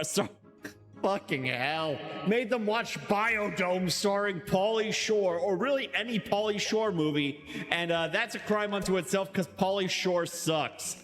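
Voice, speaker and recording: High male streamer, rowdy profane prosecutor bit, mock outrage, faint music under. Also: a little slow, fairly bright tone. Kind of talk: comedic courtroom role-play on a stream.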